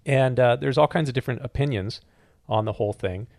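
A man co-hosting a casual podcast, playful and quick to joke. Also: medium pitch, creaky, a little mellow, no room sound, studio quality. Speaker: podcast co-host.

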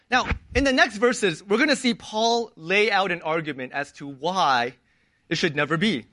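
Middle-aged male preacher, high bright voice, earnest and explanatory, keeps checking in with "right?". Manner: earnest, asks rhetorical questions with a tag "right?". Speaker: elder candidate preaching. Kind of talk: sermon.

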